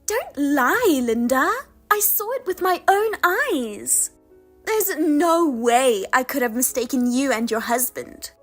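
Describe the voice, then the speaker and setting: A woman plays a spiteful younger sister who steals husbands, her voice pitched high and bouncing all over as she taunts. She gloats in a sing-song lilt, pleased with herself, in a storybook audio drama. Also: very animated, slow pace, soft background music, full character voice. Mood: gloating.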